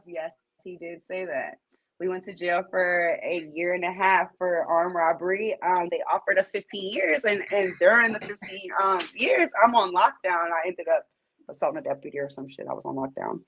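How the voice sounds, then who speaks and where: A woman's voice: lowish voice, moderate pace, rough recording. A woman guest on a podcast, telling a story in a casual interview with blunt, profane street talk. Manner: lively, animated storyteller.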